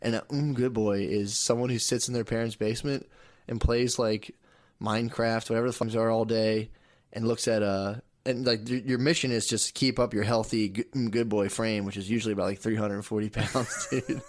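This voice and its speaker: A man's voice: lowish voice, level tone, fairly quick. A man co-hosting a casual comedy podcast, rambling through stories, laughing often and acting out voices in quotes. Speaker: podcast co-host. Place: podcast studio.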